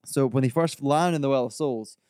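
This podcast host has a medium-pitched, fairly quick voice with a darkish, clean tone. He enthusiastically walks his co-hosts through film trivia in a casual chat, telling stories built around the facts. The studio-quality recording has no echo.

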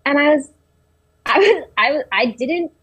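A woman's voice: high-pitched, lively intonation, measured pace, lo-fi sound, a loud crowd. A young woman in her twenties, telling personal stories in casual talk, hesitant with many restarts and fillers. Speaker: interviewee.

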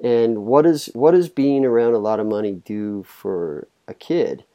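A man's voice: medium pitch, a little slow, dull audio. A man hosting an interview, speaking reflectively with stammered starts. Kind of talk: interview chat.

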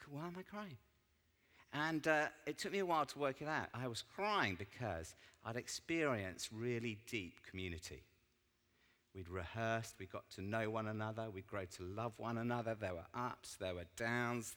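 A man's voice: on the low side, bright, forceful tone. A man giving an informal sermon as a church speaker. He tells stories in a chatty, self-deprecating way. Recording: long hall reverb.

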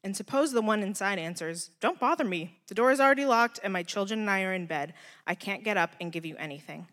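A woman reading scripture aloud in a measured, deliberate way. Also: mid-range voice, expressive, a bit bright, long reverb tail.

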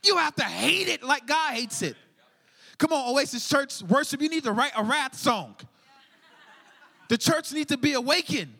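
High, bright-voiced preacher man, shouting. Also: moderate pace, vocal fry, big-room sound. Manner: energetic, shouting and dropping to a hush, casual slang. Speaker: pastor. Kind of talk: sermon.

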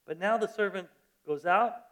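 A male pastor preaching a sermon, telling a story in a lively way and often restarting his phrases. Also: high-pitched, normal speed. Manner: animated storytelling with repeated restarts.

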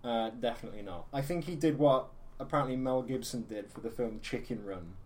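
Brief: male co-host, jokey and sweary, mid-pitched, quick to do silly voices. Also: a little mellow. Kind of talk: casual chat.

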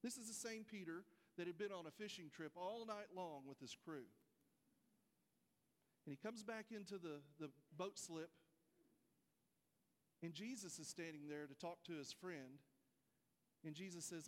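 In a large church sanctuary, a pastor with a high-pitched voice delivers a folksy sermon at a moderate pace, addressing his congregation directly.

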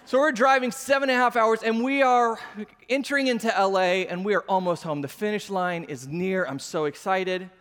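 A man in his thirties with a notably high voice delivers a sermon, spinning everyday stories with lively, self-mocking humor. His voice rings out with a long reverb, as if he is speaking in a large hall. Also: moderate pace, clean tone. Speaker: pastor. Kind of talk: sermon with personal storytelling.

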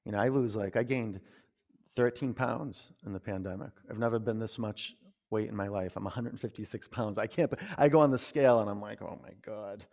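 A man's voice: fairly low pitch, brisk, a little mellow, in a large hall. A young man, a yoga teacher chatting and rambling as he leads a class. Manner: chatty, rambling, with many "you know"s. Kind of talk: talking while leading a yoga class. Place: yoga studio.

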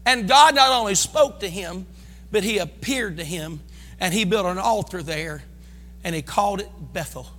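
A man preaching a fervent sermon, calling on his congregation to respond and breaking into shouts. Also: high-pitched, normal speed, big-room sound, a little hiss or hum. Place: church sanctuary.

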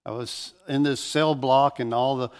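A man's voice: mid-range voice, steady tone, normal speed, clean tone. A man pastor preaching a sermon, telling stories with animation and often restarting phrases.

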